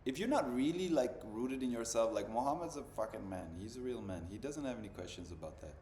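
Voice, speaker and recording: A man's voice: mid-range voice, lively intonation, a little fast, dark tone. A man in his thirties hosting a podcast, chatting casually in a loose, slangy way full of "bro" and "dude". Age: 30s. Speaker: podcast host. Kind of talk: casual chat. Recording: echoey room with faint ambient noise.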